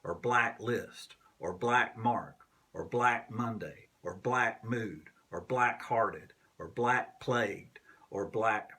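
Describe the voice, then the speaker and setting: A man preaching a sermon as pastor, slow and deliberate, sometimes dropping to a whisper. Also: fairly low pitch, bright, forceful tone, big-room sound. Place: church sanctuary.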